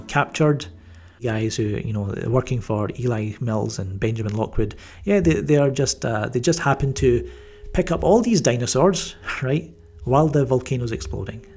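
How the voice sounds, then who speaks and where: Male film reviewer, mid-range voice, casual and rambling, dry sarcastic asides, soft music bed. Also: medium pitch. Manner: rambling, with frequent fillers and restarts; wry, mildly sarcastic. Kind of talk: casual spoken movie review.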